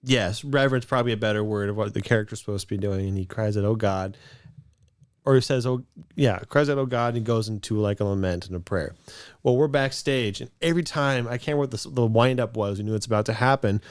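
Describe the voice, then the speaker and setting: A man's voice: lowish voice, clean tone, no room sound, studio quality. A man co-hosting a podcast in casual chat, telling stories and laughing often. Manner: laughs often, quick storytelling. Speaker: podcast co-host.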